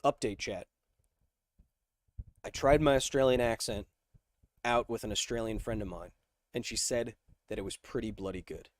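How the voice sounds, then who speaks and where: A man hosting a casual science livestream, reading viewer questions aloud and answering them with jokes, slowing down for dramatic emphasis. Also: fairly low pitch, no room sound. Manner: energetic, joking, shifts between slow dramatic emphasis and quick asides.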